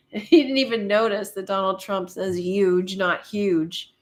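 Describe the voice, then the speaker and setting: A woman from Canada hosting a casual live chat, reading viewer comments aloud and musing on them, laughing often and pausing with fillers. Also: medium pitch.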